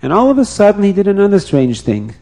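A man telling a folk tale aloud, animated and repeating phrases, now and then restarting words. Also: high voice, fast, gravelly. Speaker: storyteller.

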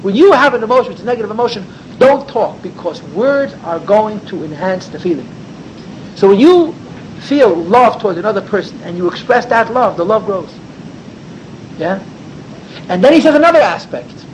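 A man's voice: slight background noise, poor audio. A man teaching a Torah class, asking rhetorical questions and swinging his voice up and down for emphasis. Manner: animated, rhetorical questions, sweeping pitch for emphasis.

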